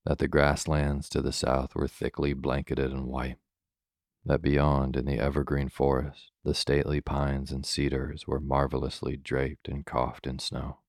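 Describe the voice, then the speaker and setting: Very deep, calm bedtime storyteller man. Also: dry recording, clean studio sound. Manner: slow, soothing, measured.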